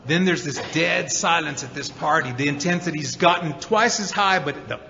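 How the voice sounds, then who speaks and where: A man stands before an audience in a large hall, telling his story with lively energy and acting out the people in it. His voice sits high and sounds bright and forceful. The long reverb of the room and a faint murmur of ambience hang behind it. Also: normal speed, vocal fry, hardly any pauses, slight background noise. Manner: animated storyteller, acts out quotes, many repeated 'and's. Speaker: recovery meeting speaker. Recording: dull recording in a hall with reverb.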